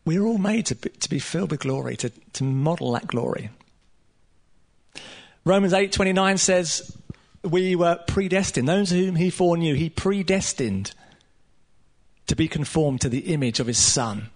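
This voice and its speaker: A man preaching a sermon to a room of listeners, earnest and emphatic, with casual asides and pauses. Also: a little high. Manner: casual asides with light laughter. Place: room with a live audience.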